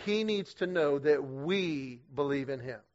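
A middle-aged man speaking to a men's group at church, energetic and humorous, with a conversational style full of quick restarts. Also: a little high. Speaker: guest speaker leading a men's group series. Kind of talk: storytelling church talk to men. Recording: dull lo-fi sound.

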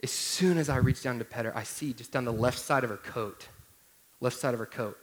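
A man's voice: mid-range voice, brisk. A man in his thirties, a pastor preaching a sermon through a humorous personal story, talking to the listeners directly in a conversational way.

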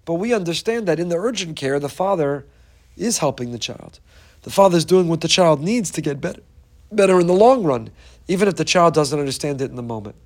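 A Torah teacher with a fairly high voice gives an inspirational talk, telling a story earnestly and with emphasis. He speaks expressively and fairly quickly, circling back to repeat key phrases.

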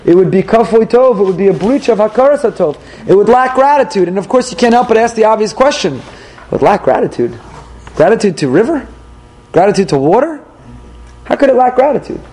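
A man's voice: sits high, expressive, quick pace, dark tone, slightly rough, low-quality recording. A man, a rabbi, giving a Torah class to a live group, posing one rhetorical question after another with dry humor. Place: class room in South Florida.

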